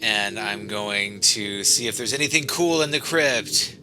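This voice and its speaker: A man's voice: lowish voice, measured pace, noisy background. A man playing a tabletop game, thinking aloud hesitantly as he decides his moves. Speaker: player.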